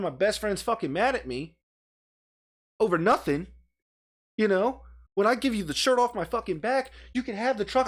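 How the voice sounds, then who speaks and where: A man co-hosting a podcast, telling a story in a heated, profane rant and talking with his hands in a studio. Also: high voice. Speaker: podcast co-host. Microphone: studio microphone.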